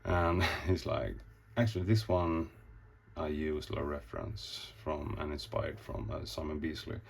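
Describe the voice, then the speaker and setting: A man's voice: rumbling low, fairly even intonation, a little slow, gravelly, husky. A man casually showing off his comic pages, rambling, swearing often and acting out the scenes as he goes. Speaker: comic artist. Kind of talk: casual show-and-tell.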